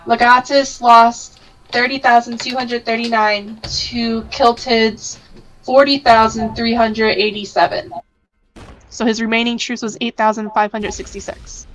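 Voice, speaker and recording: A woman's voice: a little high, poor audio. A woman co-commentating an online strategy game in casual chat, thinking aloud as she looks things up. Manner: chatty, thinks aloud while searching.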